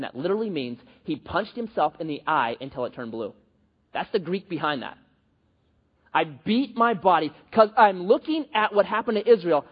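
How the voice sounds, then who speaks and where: A man's voice: on the high side, breathy edge. A man preaching a sermon in a joking, conversational way, with many restarts and asides. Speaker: pastor. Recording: dull, reverberant hall recording.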